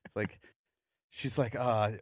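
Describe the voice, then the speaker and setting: A man's voice: on the low side, fairly even intonation, slow pace, no echo, clean studio sound. A man in his thirties hosting a podcast, telling a story in casual chat and acting out other people's lines as he goes. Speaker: podcast host.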